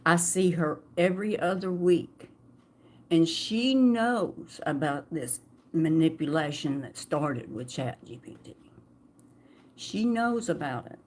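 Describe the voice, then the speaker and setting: A middle-aged woman tells her story in an emotional personal vlog, halting and restarting often. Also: low-pitched, animated, slight background noise. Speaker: vlogger.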